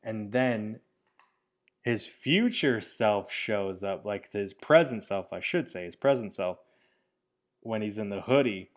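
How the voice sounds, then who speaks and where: A man with a fairly low voice talks through his own short film in a loose, rambling way. He is enthusiastic, laughs often and fills his talk with "like" and "you know". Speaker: filmmaker giving commentary on his own film. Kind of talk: casual commentary.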